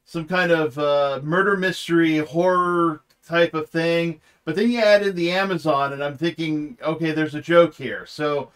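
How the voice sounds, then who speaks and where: A man's voice: on the high side, measured pace, few pauses, a bit bright, smooth. A man hosting a talk show from his home studio, opening with mock-grand flourish, then chatting loosely with many fillers. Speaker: podcast host. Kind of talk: casual interview chat.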